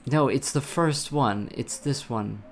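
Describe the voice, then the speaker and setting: A man live-coding on stream, talking to himself in exasperated bursts and swearing at his code. His voice is gravelly, and faint lo-fi music plays behind him. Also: medium pitch, takes it slowly. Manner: exasperated, swearing, muttering at the compiler. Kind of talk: frustrated live-coding commentary. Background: soft lo-fi music and keyboard typing.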